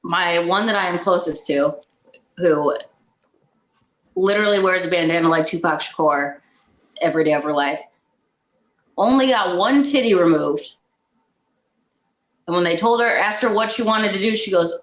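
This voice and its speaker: A woman with a slightly low voice talks as a podcast guest, candid and blunt. She laughs often as she chats. Her voice carries a roomy echo. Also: moderate pace, long pauses. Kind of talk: casual conversation. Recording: echoey room sound.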